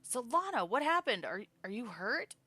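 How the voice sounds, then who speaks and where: A woman reads as a gentle father from a story game, worried but affectionate. The voice is bright and close, in a dry space. It is lightly acted, close to her own voice. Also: fairly high pitch, big pitch swings, normal speed, husky, dry recording, voice pushed up, exaggerated voice. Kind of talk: reading game dialogue aloud.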